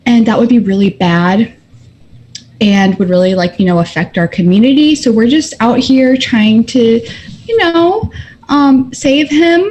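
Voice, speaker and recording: A woman's voice: on the high side, a little mellow, lo-fi sound. Rambling, chatty woman player. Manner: rambling, chatty, full of fillers. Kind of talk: in-character tabletop play.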